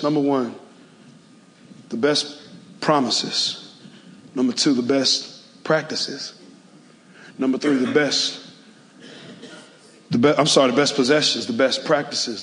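A man preaching a sermon to a large auditorium, calling for responses and swinging from soft to shouting. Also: medium pitch, fairly even intonation, takes it slowly, long pauses, big-room sound. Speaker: pastor.

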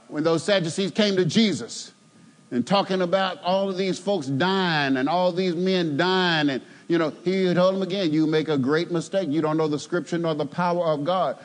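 A male preacher delivering a sermon, building from steady exposition to loud, emphatic, fervent peaks. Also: a little high.

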